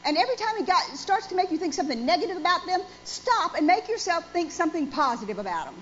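A woman in her forties preaches a sermon in a church with a high voice, emphatic and full of questions thrown to the congregation. The recording is dull and lo-fi, with faint noise underneath. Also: very animated, quick pace, fairly bright tone. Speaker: pastor.

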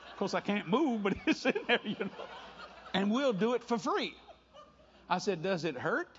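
An older man preaching a sermon, animated and playful, telling stories with quick voices and laughter. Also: high voice, a little hiss or hum. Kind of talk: sermon mixed with storytelling. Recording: dull lo-fi sound.

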